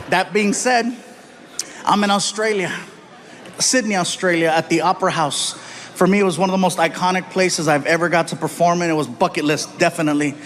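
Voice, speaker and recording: A man telling stand-up stories on stage in an animated way, acting out the people in them. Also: high-pitched, slight background noise. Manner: animated, jumps into voices for the people in his stories. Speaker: stand-up comedian. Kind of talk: stand-up storytelling. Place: large theater stage before a laughing audience.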